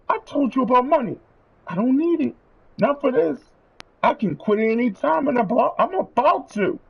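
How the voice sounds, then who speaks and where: A man's voice: very high voice, expressive, moderate pace, vocal fry, husky, lo-fi sound. A man streaming, delivering a heated, profane rant to his viewers. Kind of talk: angry rant.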